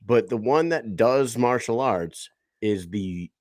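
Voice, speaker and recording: A man's voice: mid-range voice, expressive, slow, a little mellow, no echo, clean studio sound. A man hosting a podcast, telling a loose, profane story and acting out the quotes. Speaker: podcast host. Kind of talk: casual interview chat.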